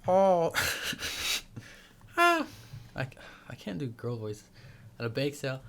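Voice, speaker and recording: A man's voice: on the high side, wildly swooping pitch, slow pace, fairly bright tone, a little hiss or hum. A man hosting a podcast in casual comedy chat, sarcastic and crude in his banter. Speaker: podcast host.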